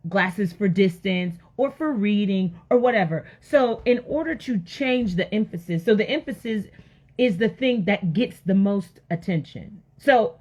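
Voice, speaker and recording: A woman's voice: mid-range voice, animated, unhurried, a little mellow, breathy edge. A woman giving an emphatic, conversational faith talk to women, repeating words for emphasis and speaking straight to her listeners. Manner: emphatic, repetitive, addresses audience directly.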